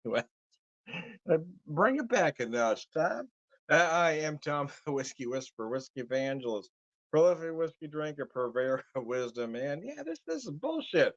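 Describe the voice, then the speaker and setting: A man's voice: fairly high pitch, very animated, unhurried, no echo, dull audio. A man ranting casually to camera as a whiskey vlogger, swearing freely and breaking into laughs. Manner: profane, laughing ranter.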